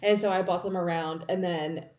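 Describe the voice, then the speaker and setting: A woman's voice: on the low side, steady tone, normal speed, darkish tone. A woman in her late twenties from New York, hosting a vlog and chatting casually, swearing freely. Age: late 20s. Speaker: vlog host. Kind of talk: casual chat. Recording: roomy echo.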